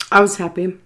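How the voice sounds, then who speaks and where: A woman from Texas telling a story time while she eats, chatty and animated, quoting dialogue with soft asides about her food. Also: medium pitch. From Texas, USA. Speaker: food vlogger.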